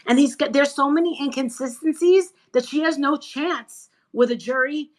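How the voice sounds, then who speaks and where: A woman guest in a casual chat, talking in an animated, emphatic, gossipy way. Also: high voice, normal speed, few pauses, low-quality recording. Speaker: interview guest.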